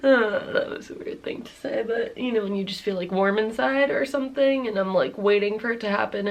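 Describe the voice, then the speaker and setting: A woman's voice: medium pitch, fairly even intonation, normal speed, few pauses. A woman in her thirties telling a personal story to camera in a rambling, candid way, full of "like"s, swearing and nervous laughs. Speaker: vlogger.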